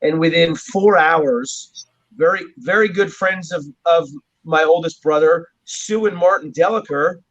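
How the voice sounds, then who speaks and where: In a muffled, dull lo-fi recording, a man from New Jersey who plays drums rambles casually through stories as an interview guest, chuckling frequently. His voice is a little high and a little slow.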